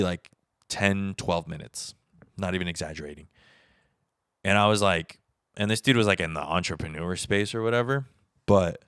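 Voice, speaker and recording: Man, 30s, solo podcast host, candid rambling talk, low pitch, dry recording. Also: fairly bright tone, no echo. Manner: rambling, candid, swears casually, acts out quoted exchanges. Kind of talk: solo casual podcast monologue. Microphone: podcast mic on camera setup.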